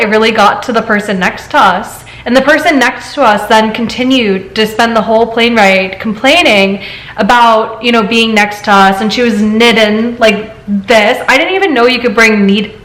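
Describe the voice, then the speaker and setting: A woman hosting a casual chat show, reading stories aloud and telling her own story in an animated way. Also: fairly high pitch. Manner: animated storyteller, laughs often. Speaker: host. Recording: echoey room.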